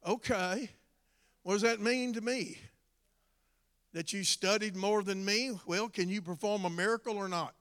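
Male preacher, high and bright-edged, testimony and shouted exhortation. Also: a little slow, long pauses, smooth. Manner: builds from conversational storytelling to shouted exhortation. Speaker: former drug addict giving testimony. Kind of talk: sermon.

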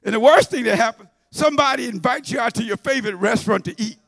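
A man preaching a sermon in church, folksy and conversational, swinging from shouts to low asides. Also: quick pace, gravelly, dry recording, studio quality. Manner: shouting and half-singing at high points, then dropping to low asides; conversational, folksy, with repetitions and laughter.

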